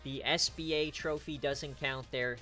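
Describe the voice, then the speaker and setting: Male stream host, bright punchy voice, hype-man sports commentary with trash talk. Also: medium pitch, measured pace, faint music behind. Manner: excitable, trash-talking, casual slang. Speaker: online dynasty league streamer.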